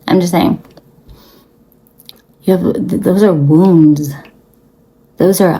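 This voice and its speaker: A woman's voice: on the low side, a little slow, vocal fry, long pauses, warm tone, breathy edge, rough recording. A young woman giving blunt, profane spiritual advice to her viewers, talking casually with lots of fillers. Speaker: spiritual reader.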